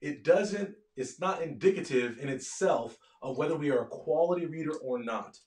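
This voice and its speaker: A man giving a live online lecture from his office at home, energetic and often asking his listeners questions. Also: on the high side, normal speed, roomy sound. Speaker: medical education lecturer.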